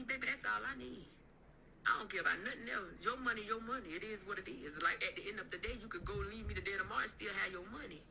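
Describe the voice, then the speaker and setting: A woman's voice: on the high side, bright, forceful tone, a little hiss or hum, poor audio. A woman hosting a live stream, giving a preachy, emphatic motivational talk full of repeated phrases.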